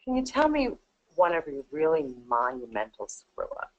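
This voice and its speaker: A woman's voice: deep voice, wildly swooping pitch, moderate pace, muffled recording. A woman interviewer asking direct, probing questions. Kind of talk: job interview.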